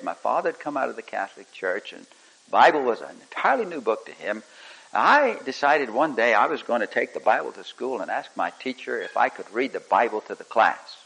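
A man preaching a sermon, swinging between loud emphatic lines and soft hushed ones, with some halting restarts as he tells a story. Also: medium pitch, creaky, slightly rough, poor audio.

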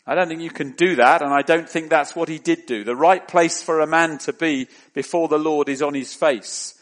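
A man preaching a sermon in a measured, deliberate way, rising into emphatic questions. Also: a little high, fairly even intonation.

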